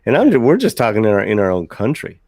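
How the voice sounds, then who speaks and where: Casting: man, co-host, lowish voice, dry close sound, relaxed and easygoing. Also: fast talker, dry recording. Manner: relaxed, encouraging back-channel. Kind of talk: casual chat.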